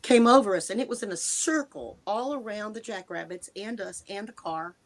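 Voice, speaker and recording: Recounting a personal encounter as an interview guest, this American woman in her 60s speaks with emotion in the first person. Her earnest delivery halts and restarts, quickens and slows, and a dry mouth snags her words. She has a mid-range, expressive voice.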